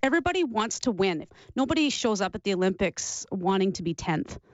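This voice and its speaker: A woman in her forties, a former athlete telling her story in an interview, warm and emotional, sometimes laughing as she remembers. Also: mid-range voice, big pitch swings, a little fast, no echo. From Canada. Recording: dull lo-fi sound.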